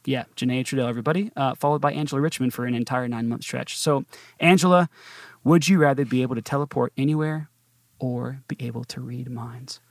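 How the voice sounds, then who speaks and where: A man hosts a podcast from a studio, easygoing and chatty. His voice sits at an ordinary middle pitch, and he jokes and laughs often as he banters with his guests. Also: fast talker, no echo. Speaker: podcast host. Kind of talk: casual chat.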